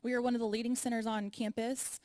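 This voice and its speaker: A woman's voice: fairly high pitch, flat delivery, fast talker, dark tone. A woman moderating a university panel, upbeat and chatty as she introduces the speakers. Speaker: moderator, program manager. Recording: reverberant hall.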